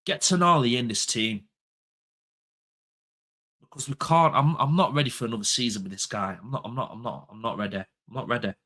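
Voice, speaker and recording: A young man's mid-range voice comes out brisk, pushed and bright as he talks football as a pundit in a heated, casual conversation. Passionate and blunt, he swears freely and says his points again for emphasis.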